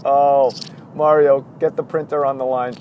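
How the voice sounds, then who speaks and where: A man's voice: medium pitch, flat delivery, moderate pace, narrow, tinny audio, slight background noise. A man hosting a casual solo podcast, rambling, wandering off on tangents and chuckling often. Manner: chuckles often, many fillers. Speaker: podcast host.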